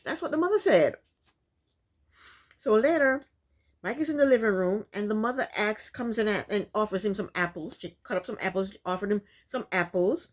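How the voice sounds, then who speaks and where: A woman's voice: medium pitch, normal speed. A woman casually recapping a reality show, chatty and sassy, often breaking into laughs.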